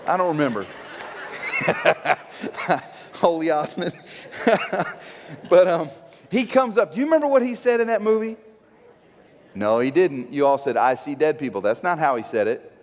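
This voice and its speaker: High-voiced pastor preaching in a reverberant hall. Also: male voice, measured pace, long pauses. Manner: animated, joking storyteller who acts out quotes. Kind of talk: sermon. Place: church sanctuary. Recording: long church hall reverb.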